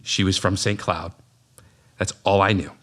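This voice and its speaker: A middle-aged man telling stories in a casual podcast chat, animated, acting out his own past lines. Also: low-pitched, moderate pace. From Minnesota, USA. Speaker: podcast guest, business owner.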